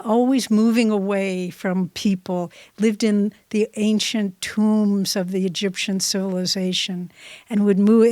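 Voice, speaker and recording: Woman, spiritual teacher, slow unhurried talk, soft devotional manner, dry close sound. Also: medium pitch, no echo. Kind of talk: class talk, storytelling.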